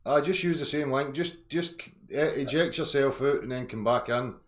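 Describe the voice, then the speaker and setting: A man's voice: mid-range voice, normal speed. A man hosting a casual live stream, talking in a rambling, earnest way.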